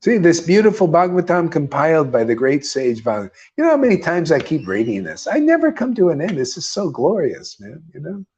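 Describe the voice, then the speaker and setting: A man's voice: on the high side, darkish tone. A middle-aged man giving an informal scripture sermon, emphatic, with rhetorical questions and repeated key words. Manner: emphatic, keeps calling listeners "man". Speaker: spiritual teacher. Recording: dull lo-fi recording.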